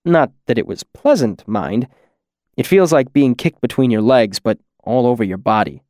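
A man voicing an emotional, devoted young male apprentice who is not human, speaking in a choked, pleading, soft way. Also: mid-range voice, animated, moderate pace, dry recording, studio quality, close to an everyday voice. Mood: earnest.

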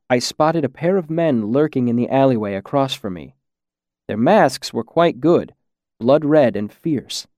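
Man, audiobook narrator, measured storytelling, mid-pitched voice, dry studio sound. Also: darkish tone, no room sound. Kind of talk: scripted first-person narration.

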